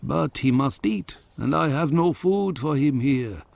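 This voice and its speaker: A slow, kindly old shopkeeper. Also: male voice, mid-range voice, animated, gravelly, noisy background. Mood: earnest. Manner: slow, earnest. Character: older male pet shop keeper, kindly and slow.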